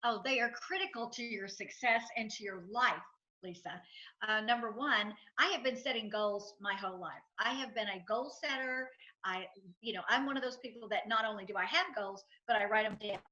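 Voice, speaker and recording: High, bright-voiced woman, emphatic and lo-fi. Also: moderate pace. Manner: emphatic, repetitive, storytelling with acted quotes. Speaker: guest, financial advisor and entrepreneur. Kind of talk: enthusiastic interview talk.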